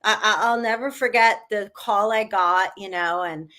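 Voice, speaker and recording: A middle-aged woman, a guest musician, telling stories in a casual, rambling interview with lots of "like" and animated asides. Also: medium pitch, normal speed. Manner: rambling, heavy use of "like", animated.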